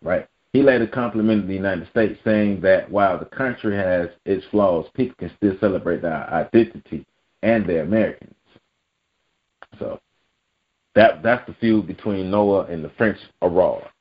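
A man's voice: deep voice, normal speed, dull audio. A man reading a news article aloud and breaking in with blunt, profane asides as a vlog commentator. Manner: blunt, profane, emphatic asides between read-out passages. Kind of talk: reacting to a news article on camera.

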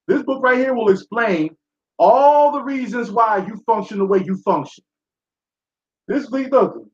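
Blunt, profane man with a high voice. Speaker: show host. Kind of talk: impassioned live talk-show monologue. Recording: echoey room, dull sound.

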